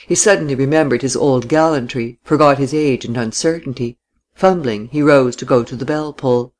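A man reading a novel aloud as narrator, steady and even. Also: mid-range voice, normal speed. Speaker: audiobook narrator.

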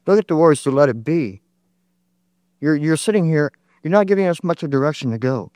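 A man's voice: fairly high pitch, lively intonation, fairly quick, a little mellow, no echo. A man in his thirties speaking up from the audience in a public debate, impassioned and argumentative, hammering his points again and again. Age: 30s. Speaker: audience member. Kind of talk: heated public debate comment.

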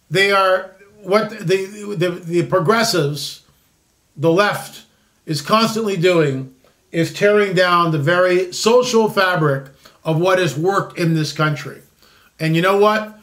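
A man's voice: sits high, takes it slowly, a bit bright. A man in his sixties hosting a solo commentary show, rambling and sarcastic with frequent restarts. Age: 60s.

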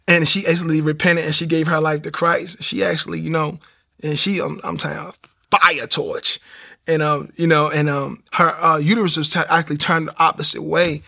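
A man tells his faith story in a casual interview. His voice is gravelly and bright and sits a little high. He acts out what people said to him. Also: moderate pace. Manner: animated storytelling, acts out quotes. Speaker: guest sharing testimony.

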